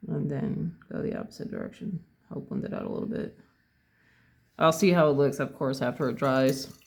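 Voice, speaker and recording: A person calmly talking through a painting tutorial step by step, thinking aloud and correcting their own words as they go. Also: mid-range voice, moderate pace, vocal fry. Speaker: painting instructor.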